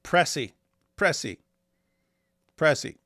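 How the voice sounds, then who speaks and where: A man's voice: a little high, expressive, slow, fairly bright tone, no room sound, clean studio sound. A man hosting a livestream, reading viewer comments aloud and teasing his guest in a wry, casual way. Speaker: host.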